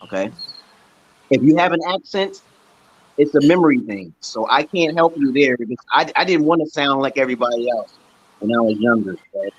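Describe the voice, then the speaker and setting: Hosting a casual teaching stream, this man from Brooklyn, New York gives language tips emphatically and keeps checking in with "okay." He sounds mid-range, expressive, fairly quick and slightly rough, with lo-fi audio and no echo.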